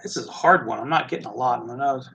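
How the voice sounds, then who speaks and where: A man's voice: medium pitch, quick pace, creaky, sharp tone, dull audio. A man with a Midwestern American accent hosting a casual live tasting, chatty and musing aloud as he goes. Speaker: host.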